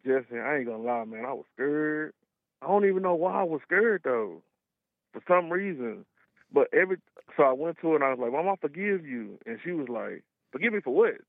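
Over a tinny phone line with no echo, a caller in his thirties from Texas phones in to a radio show and chats through stories in a casual, slangy manner. He speaks briskly in a slightly high, gravelly voice with lively intonation.

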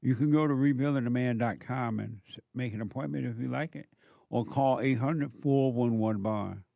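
A man's voice: medium pitch, normal speed, gravelly, dark tone, dry recording, highs cut off. A male counselor delivering a preachy monologue, firing off emphatic rhetorical questions in a scolding tone.

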